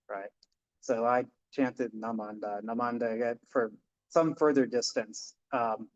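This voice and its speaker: A man, a Buddhist minister, giving an informal dharma talk in a chatty storytelling way, with many fillers and restarts. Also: medium pitch. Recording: dull lo-fi sound.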